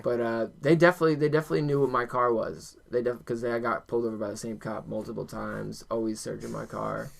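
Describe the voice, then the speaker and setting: A young man from New Jersey telling stories on a podcast in a loose, swearing, animated way. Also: mid-range voice, fast talker, gravelly, few pauses. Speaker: podcast host. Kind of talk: casual storytelling chat.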